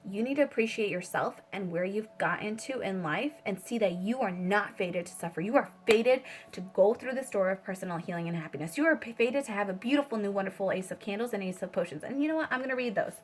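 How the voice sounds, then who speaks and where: A woman's voice: medium pitch, expressive, quick pace, few pauses. Rambling woman giving a tarot reading. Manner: rambling, swears freely, many fillers. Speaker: tarot reader. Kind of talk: casual spiritual reading.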